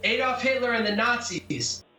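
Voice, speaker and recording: A brash, combative man with a high, bright voice recounts events in an interview, cursing freely. The sound is echoey, and he is heard from some distance off the mic. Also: moderate pace. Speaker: MMA fighter. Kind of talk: interview, telling a story.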